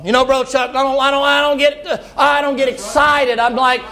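A man preaching a folksy, animated sermon and shouting at its peaks. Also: very high-pitched, a little fast. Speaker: pastor.

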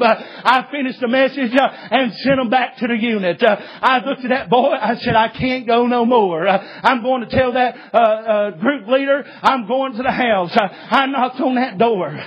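Male preacher, very high husky voice, folksy storyteller, dull lo-fi recording. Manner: folksy, repetitive, many "uh" fillers, rising to shouts. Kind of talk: sermon storytelling.

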